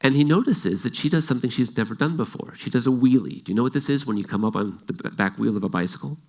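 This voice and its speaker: A man's voice: medium pitch, fast talker, a little mellow. A man giving an explanatory talk, telling an example story and acting out its dialogue. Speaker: speaker.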